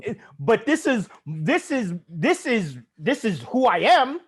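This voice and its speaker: A man's voice: extremely high pitch, sing-song, slow pace, breathy edge. A man from Canada co-hosting a podcast in casual, profane chat, often repeating his words as he starts a thought. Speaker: podcast co-host.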